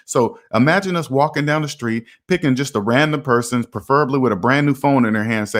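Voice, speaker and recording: A man's voice: medium pitch, fast talker. A middle-aged man hosting a personal finance video, talking casually and emphatically to the viewer, repeating his points and acting out imagined conversations with people on the street. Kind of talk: casual monologue to camera.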